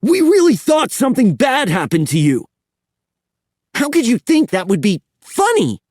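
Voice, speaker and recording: A man's voice: sits high, sing-song, unhurried, breathy edge, dry recording, clean studio sound, pitched above the performer's own voice, exaggerated voice. A man doing a hurt reproachful boy. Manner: quiet then reproachful.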